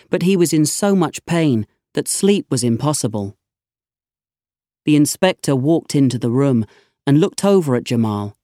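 A slow, measured audiobook narrator with a lively, rising and falling delivery. The voice is close and dry, with no room sound. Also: medium pitch, no room sound.

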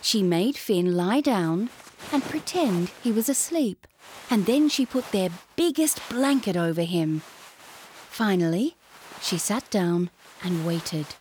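Slow, expressive woman reading a storybook. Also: mid-range voice, slight background noise. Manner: slow and clearly paced, expressive. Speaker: narrator. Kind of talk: children's storybook read-along.

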